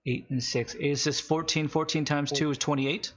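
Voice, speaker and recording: Guy gm narrating a tabletop game, teasing, kinda halting, muffled audio. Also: a little high, fairly even intonation, crowd noise. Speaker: game master.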